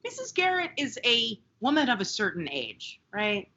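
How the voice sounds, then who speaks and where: Woman, podcast co-host, swinging expressive pitch, bright, casual profane chat, dull lo-fi audio. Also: normal speed. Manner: animated, laughing, profane asides.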